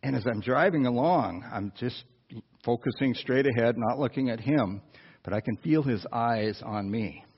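A man preaching through a personal story, animated, with asides to the listeners. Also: mid-range voice, moderate pace, slightly rough. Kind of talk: storytelling sermon. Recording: dull lo-fi sound.

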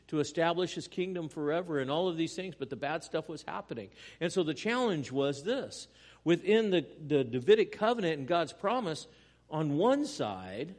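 A man preaching a sermon, earnest, moving between loud emphatic lines and quiet, hushed ones. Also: fairly high pitch, long reverb tail. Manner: earnest preaching with dramatic swings in volume. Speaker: pastor.

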